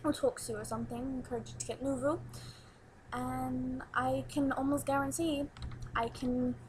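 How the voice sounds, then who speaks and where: A woman's voice: high-pitched, flat delivery, normal speed, slight background noise, low-quality recording. A teenage girl vlogging casually into a webcam at home, chatty and giggly and rambling between topics. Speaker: new vlogger.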